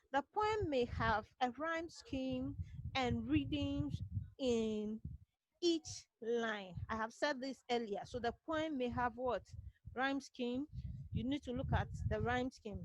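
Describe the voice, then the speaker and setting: A woman's voice: high-pitched, no echo, rough recording. A woman with a Ghanaian accent teaching a literature class online, drilling key points and asking "what?" questions that she answers herself. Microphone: computer mic on a video call.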